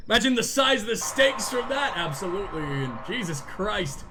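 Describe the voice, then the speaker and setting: A man giving sarcastic, profane let's play commentary as a gaming streamer, jumping into high yelps. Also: very animated, measured pace, pushed and bright, slight background noise.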